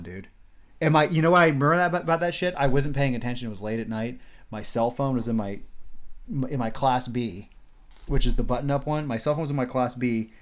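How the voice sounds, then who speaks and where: A young man co-hosting a casual comedy podcast, rambling through stories with swearing, restarts and acted-out quotes. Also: mid-range voice. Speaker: podcast co-host.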